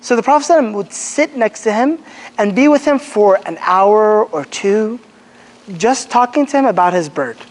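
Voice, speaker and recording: A man giving a casual religious lesson to young people, telling animated stories, acting out quotes and restarting his sentences often. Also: high-pitched, normal speed. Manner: animated storyteller, acts out quotes, many fillers and restarts. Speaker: Islamic teacher. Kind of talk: casual religious lecture to a youth group. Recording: long hall reverb.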